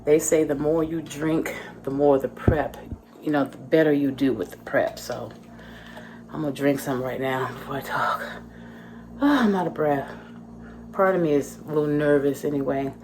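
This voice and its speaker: A woman's voice: sits low, steady tone, moderate pace, warm tone, slight background noise. A woman vlogging from her home kitchen, chatting casually to her viewers as she prepares food. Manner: chatty, talks to viewers while cooking.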